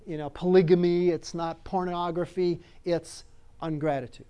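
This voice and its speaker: A man's voice: a little high, little pitch movement, moderate pace, mellow, clean tone. A pastor preaching a conversational sermon, emphatic and repeating phrases as he asks his listeners "all right?".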